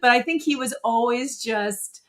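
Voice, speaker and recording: Middle-aged woman chatting as a guest, animated, laughs a lot, quotes people in her stories. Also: on the high side, a little slow. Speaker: interview guest, former dancer. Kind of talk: casual interview storytelling.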